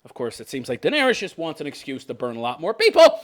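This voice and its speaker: A man's voice: on the high side, wildly swooping pitch, fast. A man ranting sarcastically in casual commentary, laughing often and swearing as he mocks what he describes. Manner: sarcastic, laughing, profane, mocking quoted characters. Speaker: commentary host.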